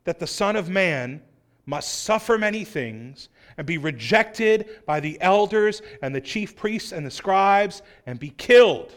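A male pastor preaching a sermon, acting out quoted voices and swinging from loud outbursts to hushed lines. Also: sits high, expressive, unhurried.

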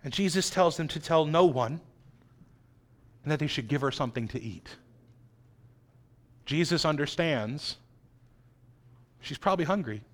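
A man preaching a sermon, dramatic, swinging between loud emphasis and hushed, quiet lines. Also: on the high side, expressive, a little slow, long pauses. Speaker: pastor.

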